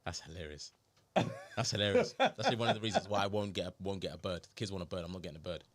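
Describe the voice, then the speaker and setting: Lively low-voiced man joking. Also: fast. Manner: joking, swears, animated bursts of laughter. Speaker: podcast co-host. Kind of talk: casual chat.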